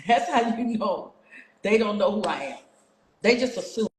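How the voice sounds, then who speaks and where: On her own livestream, a woman with a mid-range voice rants casually to viewers, throwing out rhetorical question after rhetorical question. She's using a phone mic in an echoey room, and there's a little hiss or hum.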